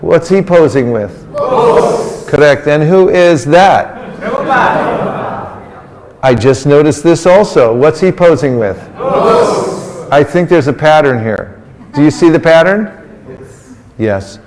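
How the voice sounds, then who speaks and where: A man teaching a group in a playful sermon, his voice sitting a bit higher than most men's. He keeps coaxing the listeners to answer him back, teasing them when they are slow. A long reverb trails every phrase from a big hall. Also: lively intonation, darkish tone. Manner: coaxing the audience into call-and-response answers. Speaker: religious teacher.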